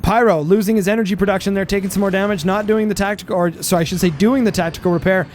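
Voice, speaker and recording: Young guy doing game commentary, high voice, kinda hoarse, faint traffic noise behind. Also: very fast. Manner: energetic, rambling, with frequent fillers. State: losing his voice. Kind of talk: gameplay commentary.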